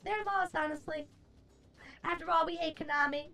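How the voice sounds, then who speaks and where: A woman's voice: very high voice, normal speed, gravelly, sharp tone, faint music behind. A woman streamer chatting casually with her viewers, brash and profane, launching into theatrical rants. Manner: theatrical, playful.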